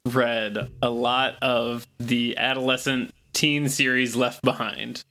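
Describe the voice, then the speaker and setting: A man chatting casually on a podcast, sharing a relaxed personal aside. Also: mid-range voice, takes it slowly, slight background noise. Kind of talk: casual chat.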